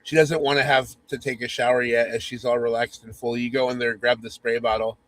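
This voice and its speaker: Male host reading a spoof romance aloud; mock-sultry, teasing, medium pitch. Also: flat delivery, fairly quick, fairly bright tone, poor audio. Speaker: podcast host.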